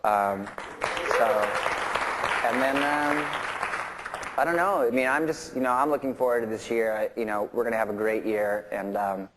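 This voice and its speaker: A man sits for an onstage interview and tells his stories loosely, circling back with fillers and restarts. His voice sits at an ordinary pitch for a man. A faint ambient hum of the room runs underneath. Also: normal speed, a bit bright, some chatter behind, poor audio. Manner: rambling, full of fillers and restarts, laughing through stories. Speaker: interview guest, rock musician. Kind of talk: casual storytelling interview.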